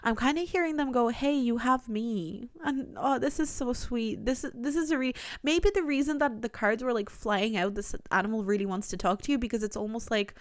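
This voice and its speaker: A woman's voice: on the high side, brisk, hardly any pauses, dry recording, clean studio sound. A young woman giving a pick-a-card tarot reading to her viewers, earnest and gushing, rambling as she goes. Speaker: tarot reader.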